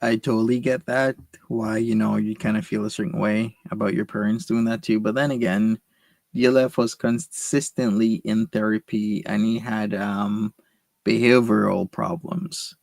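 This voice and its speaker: A man's voice: lowish voice, little pitch movement, moderate pace, creaky, a little mellow, no room sound. A male host in casual chat, teasing and needling his guest. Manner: needling, mock-threatening.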